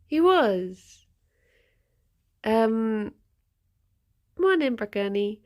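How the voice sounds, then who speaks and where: A woman's voice: fairly high pitch, big pitch swings, drawn-out words. A woman streamer chatting casually with her viewers, rambling and giggling often. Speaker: livestreamer.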